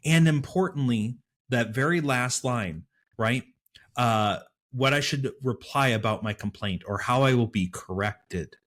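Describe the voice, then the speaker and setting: A man co-hosting a casual Bible study podcast, talking in a thoughtful, animated way with frequent fillers. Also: mid-range voice, a little slow. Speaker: podcast co-host.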